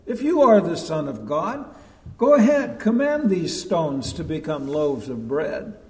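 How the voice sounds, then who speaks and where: Man playing a sly devil, wheedling tempter, highish voice, slow, long hall echo. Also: big pitch swings, dark tone. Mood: coaxing. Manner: coaxing, insistent.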